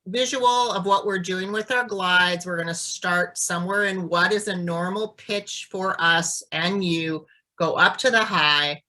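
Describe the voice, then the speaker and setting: A woman speech therapist explaining and demonstrating voice exercises in a clear, deliberate teaching manner. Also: fairly low pitch, pushed and bright, low-quality recording. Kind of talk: instructional demonstration.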